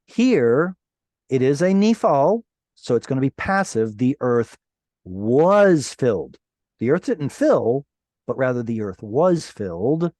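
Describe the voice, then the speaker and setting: Speaking at a slow pace with big swings in pitch, a man of medium pitch and darkish tone leads an online Bible Hebrew lesson by video call. He explains the grammar patiently and playfully, quizzing students as he goes, with no echo.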